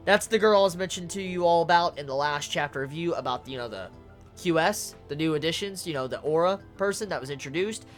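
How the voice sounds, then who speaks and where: A manga reviewer giving casual video commentary, ranting excitably with lots of swearing and stuttered repeats. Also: mid-range voice, fast, faint music behind.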